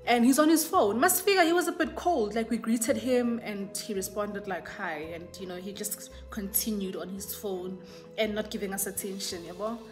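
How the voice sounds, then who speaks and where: A woman's voice: medium pitch, moderate pace, faint music behind. A young South African woman telling a casual storytime, chatty and switching between English and isiZulu. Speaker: YouTuber.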